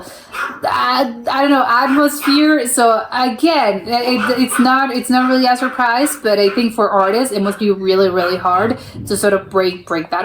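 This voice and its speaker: A woman's voice: mid-range voice, noisy background. A young American woman hosting a reaction video, thinking aloud in casual chat with many restarts. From United States. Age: young adult. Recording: roomy echo.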